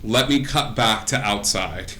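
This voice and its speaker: A man running a live-streamed tabletop game as game master, telling the scene in a lively, descriptive way with plenty of fillers. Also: fairly low pitch, a little slow, a loud crowd.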